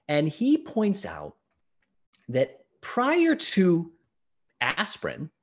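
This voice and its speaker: Lively, husky-voiced man giving a talk. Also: fairly high pitch. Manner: lively, expressive storytelling with acted-out exclamations. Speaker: naturopathic physician presenting a talk. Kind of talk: online health presentation.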